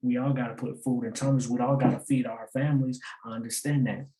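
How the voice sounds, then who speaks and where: A man's voice: medium pitch, little pitch movement, fast, echoey room, noisy background. A man hosting a casual breakdown of rap lyrics, loose and slangy, who repeats lines and keeps asking "get it?" and laughs at his own points. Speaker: battle rap breakdown host.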